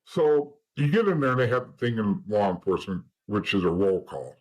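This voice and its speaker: A man's voice: lowish voice, sing-song, brisk, a little mellow, slightly rough, low-quality recording. A middle-aged man, a guest in an interview, telling his story in a blunt, profane way and acting out old conversations. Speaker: interview guest, former informant.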